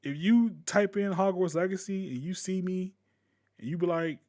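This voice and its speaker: A gaming YouTuber rants casually to camera in a high-pitched voice at a moderate pace. He is blunt and profane, breaking into sudden loud bursts.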